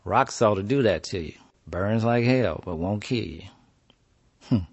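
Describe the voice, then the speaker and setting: A man's voice: fairly low pitch, lively intonation, a little slow, husky, full character voice. A man voicing a stern but kind old woman neighbor, drawling and scolding in a told story. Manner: drawling, scolding, murmurs "mm-hmm". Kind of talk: storytelling performance.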